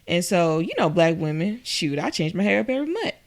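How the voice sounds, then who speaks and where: A woman's voice: very animated, fairly quick. A young adult woman chatting casually and telling stories from her working life, acting out what others said. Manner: storytelling, quotes people in a higher voice. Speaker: guest. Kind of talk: casual chat.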